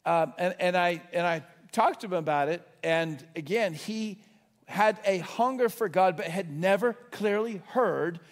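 A man preaching a sermon, telling stories with quick restarts and swelling to excited shouts at the high points. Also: big-room sound.

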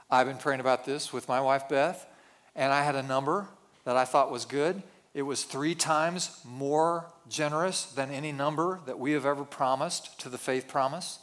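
A man's voice: medium pitch, steady tone, normal speed, fairly bright tone. A male pastor giving a sermon in a conversational way, with self-deprecating asides.

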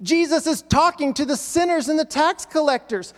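A man's voice: extremely high pitch, very animated, moderate pace, hardly any pauses, long reverb tail. A male pastor preaching a sermon, acting out quoted voices with emphatic repetition.

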